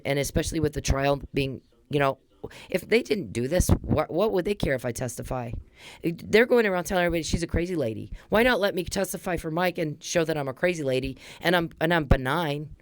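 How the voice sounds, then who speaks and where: A woman's voice: low-pitched, darkish tone, no room sound. A woman hosting a podcast, telling a rambling, heated story at speed and swearing freely. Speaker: podcast host. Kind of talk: casual monologue.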